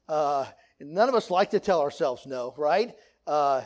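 A man's voice: a little high, lively intonation, slow pace, darkish tone. A middle-aged man teaching a church Sunday school class, telling stories and chanting remembered phrases with emphasis. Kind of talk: church lesson.

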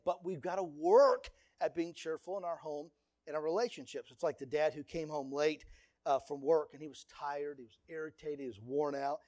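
A pastor with a fairly high male voice preaches to a congregation, earnest and direct, using lively stories to drive his point home in a preachy way. The audio is clean studio sound with no room tone.

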